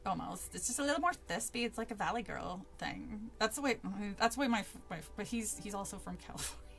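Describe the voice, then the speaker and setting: A woman's voice: a little high, gravelly, a bit bright. A woman streamer reading a spooky book aloud with casual asides to chat, laughing often and swearing freely.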